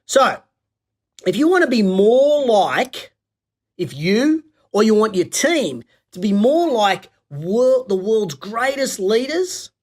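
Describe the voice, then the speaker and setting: A man's voice: high-pitched, very animated, slow. A middle-aged Australian man hosting a live-streamed business show, chatty and coach-like, greeting viewers by name with folksy slang.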